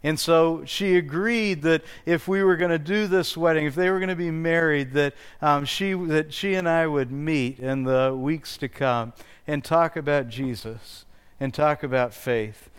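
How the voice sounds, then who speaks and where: Slow, smooth-voiced male pastor. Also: fairly high pitch. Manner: earnest storytelling with small restarts. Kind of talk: sermon. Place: church.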